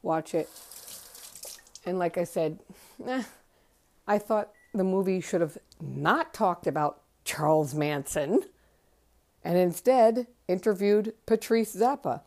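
A woman's voice: lowish voice, animated, slow pace, long pauses, darkish tone. A woman hosting a podcast, rambling late at night at home while doing chores, blunt and emotional, swearing freely. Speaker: podcast host.

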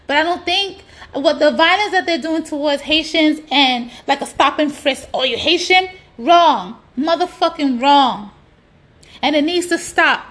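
High-pitched woman ranting hard, cussing a lot, saying stuff twice to drive it home. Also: measured pace, a bit bright. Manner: blunt, heavy profanity, emphatic repetition. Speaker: social media commentator. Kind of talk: ranting monologue.

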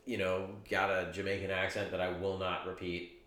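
Low-voiced man joking in echoey room. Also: monotone, moderate pace, a bit bright. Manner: crude joking storyteller, laughs often. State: a few beers in. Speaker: podcast co-host. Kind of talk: casual chat.

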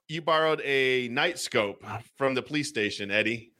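A man's voice: mid-range voice, moderate pace, pushed and bright. A man co-hosting a casual game stream, reading adventure cards aloud and joking between passages. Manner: jokey, laughs often. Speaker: co-host and game reader.

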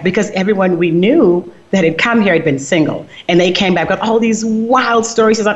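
A middle-aged woman hosting a podcast, chatting casually and telling lively stories with acted-out dialogue. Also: mid-range voice, fairly quick, few pauses. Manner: lively, chatty storyteller who acts out dialogue. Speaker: podcast host. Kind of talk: casual chat.

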